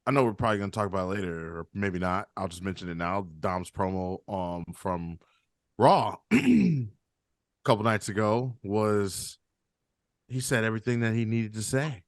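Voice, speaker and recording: A man with a lowish voice co-hosts a casual podcast chat. His delivery is deadpan and sarcastic, recorded dry and close. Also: normal speed, dry recording. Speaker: podcast co-host.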